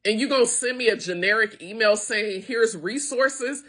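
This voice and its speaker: With a medium-pitched, slightly bright voice, a woman talks briskly. She is a middle-aged small business owner and founder, speaking directly to the camera in an emotional, impassioned appeal, frustrated and near tears.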